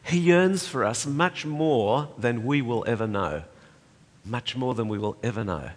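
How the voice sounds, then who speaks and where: An older man preaching a sermon, swinging between loud emphatic peaks and soft, hushed passages. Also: mid-range voice, animated, unhurried. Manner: impassioned, rising to loud emphatic peaks then dropping soft. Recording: reverberant hall.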